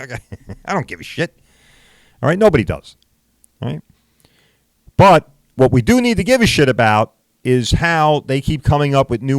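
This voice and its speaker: A man's voice: fairly high pitch, no echo, clean studio sound. An older man hosting a podcast, ranting in a blunt, profane, casual way and firing rhetorical questions straight at his listeners. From New York. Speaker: podcast host.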